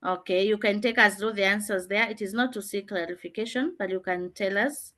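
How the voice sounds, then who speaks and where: A woman's voice: mid-range voice, fairly even intonation, fairly quick, a bit bright. Woman teacher running an online class, explains rules and quizzes students. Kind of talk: online revision lesson.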